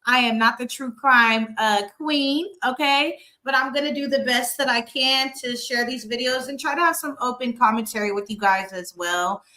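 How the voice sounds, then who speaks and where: Bright, chatty woman co-host. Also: fairly high pitch. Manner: chatty, greets the chat by name, runs the screen. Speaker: podcast co-host. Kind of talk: casual livestream chat.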